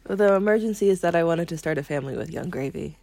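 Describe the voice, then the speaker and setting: A woman's voice: on the low side, fast, vocal fry, warm tone, no echo. Woman co-host, hesitant and giggly. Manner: hesitant, filler-heavy, giggly. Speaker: podcast co-host. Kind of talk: casual chat.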